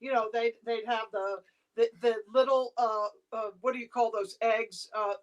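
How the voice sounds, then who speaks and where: A woman from the United States hosting a casual video-call chat, bubbly and quick to laugh. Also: fairly high pitch, steady tone. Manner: bubbly, laughs easily, chatty. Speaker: host.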